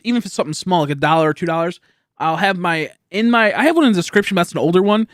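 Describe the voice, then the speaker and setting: A man's voice: a little high, a bit bright, clear, resonant tone, dry recording, studio quality. A young man chatting casually with viewers on a live stream, rambling and laughing often.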